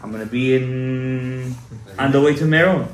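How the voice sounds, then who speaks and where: A man giving a Torah class to a small audience, emphatic and exhorting, often rising to loud, fervent urging. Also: medium pitch, normal speed. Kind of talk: animated Torah lecture to a live audience. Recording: echoey room, faint room noise.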